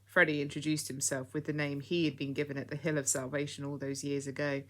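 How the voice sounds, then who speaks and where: A woman reading a children's story aloud as narrator, in a steady storytelling manner. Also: sits low, fast.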